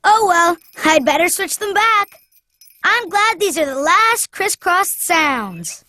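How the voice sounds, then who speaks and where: Cartoon lead: cheerful wooden boy, very high, slow and bouncy. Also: expressive, no room sound, faint music behind, exaggerated voice. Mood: eager. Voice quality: bright, chirpy, childlike. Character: cheerful little wooden boy, helpful and eager. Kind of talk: cartoon voice acting.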